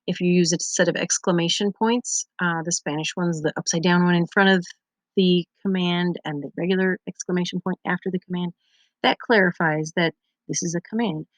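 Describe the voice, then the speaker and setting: A woman's voice: lowish voice, fairly even intonation, brisk, no room sound. A Spanish teacher, a young woman, patiently explaining grammar step by step over her slides in a recorded lesson. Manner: patient, methodical explaining with examples.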